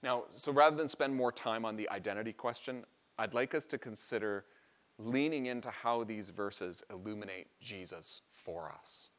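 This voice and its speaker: A man's voice: lowish voice, moderate pace, fairly bright tone. A man preaching a sermon, explaining a Bible passage in an earnest, teaching manner and lifting his voice on key phrases.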